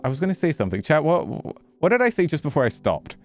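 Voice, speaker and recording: A man streaming as a VTuber, rambling casually to his chat, a little out of breath in a warm room. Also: medium pitch, a little fast, few pauses, faint music behind. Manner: rambling, self-interrupting, animated. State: slightly out of breath. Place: warm bedroom.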